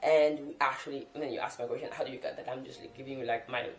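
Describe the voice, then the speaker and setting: Low-pitched woman, non-native English, unscripted chatty vlog, roomy camera-mic sound. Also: fairly even intonation, very fast, faint music behind. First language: not English. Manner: rambling, chatty, self-correcting. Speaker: language-learning vlogger. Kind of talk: unscripted casual talk to camera. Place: sitting on the floor in a room at home.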